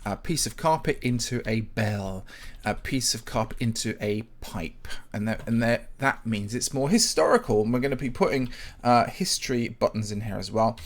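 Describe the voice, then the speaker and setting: A man's voice: medium pitch, expressive, moderate pace. A man hosting a casual live stream, chatting with viewers while he builds in Minecraft. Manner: chatty and rambling, greets viewers by name, frequent ums. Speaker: livestream host, Minecraft map builder.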